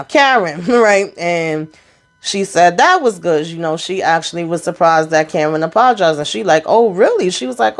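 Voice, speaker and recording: A woman with a somewhat low voice talks through a TV episode recap in a loose, conversational way. She quotes the characters' lines as she retells each scene and drops in amused asides and exclamations as she goes. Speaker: TV recap host.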